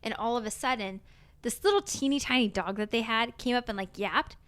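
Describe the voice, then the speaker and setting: A woman's voice: a little high, brisk, fairly bright tone. A woman on a comics podcast, chatting casually and animatedly with many fillers. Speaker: podcast co-host. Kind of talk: casual chat.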